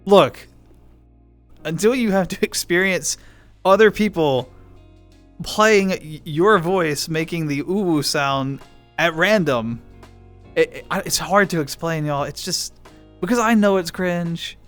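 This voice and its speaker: Guy streamer, kinda high voice, chatty, reads chat and laughs a lot. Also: slow, long pauses, fairly bright tone, soft background music. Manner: chatty, reads chat aloud and answers viewers, laughs often. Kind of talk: casual live-stream chat.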